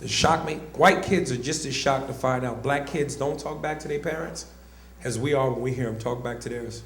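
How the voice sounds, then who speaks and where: A man's voice: mid-range voice, moderate pace, a bit bright, roomy sound. A man doing stand-up comedy, telling brash stories to a club audience. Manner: brash, storytelling.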